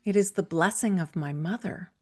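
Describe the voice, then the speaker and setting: A woman voicing a polite, earnest young girl heroine in a gentle, respectful way while telling a fairytale. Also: lowish voice, moderate pace, natural voice. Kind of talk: storytelling.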